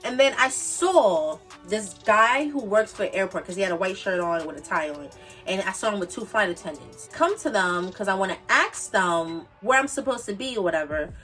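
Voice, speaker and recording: A woman's voice: mid-range voice, lively intonation, normal speed, fairly bright tone, distant mic, soft background music. A woman, telling a casual storytime with emphatic, repetitive, slangy asides. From the Bronx, New York. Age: 20s. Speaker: vlogger.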